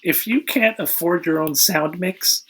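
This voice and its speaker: A man's voice: a little high, a little slow, a bit bright. A man co-hosting a casual movie-review podcast, rambling and restarting as he retells the plot with dry humor. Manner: rambling, searching for words, wry. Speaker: podcast co-host.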